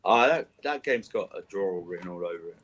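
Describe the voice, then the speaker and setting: A man's voice: sits low, animated, a little fast, fairly bright tone, no echo. A man chatting on a football stream, teasing and chuckling. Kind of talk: casual chat.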